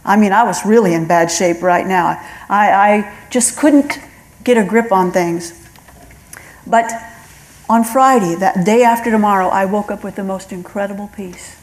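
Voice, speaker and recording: A woman's voice: medium pitch, moderate pace, poor audio. A middle-aged woman giving an earnest spoken testimony, telling her story and acting out the voices of God and of callers. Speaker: testimony speaker.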